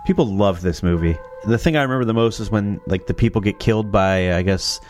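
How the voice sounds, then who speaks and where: A male host chats casually about horror movie themes, rambling, correcting himself, and swearing offhandedly while faint music plays in the background. His pitch is fairly low, his pace fairly quick, and his tone a little mellow.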